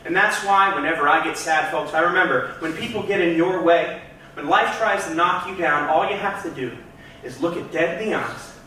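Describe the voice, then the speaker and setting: A man's voice: on the high side, normal speed, pushed and bright, slight background noise. A man doing stand-up comedy on a club stage, telling a story in a theatrical, punchy way and talking straight to the crowd. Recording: echoey club room, mic at a distance.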